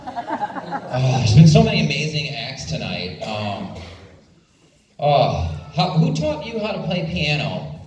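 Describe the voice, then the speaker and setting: Male stand-up comic, wry and self-deprecating, lively delivery, mic set back in an echoey room. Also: on the high side, slow, long pauses. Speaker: stand-up comic at a talent show. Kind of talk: stand-up comedy. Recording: echoey room, distant mic, faint noise.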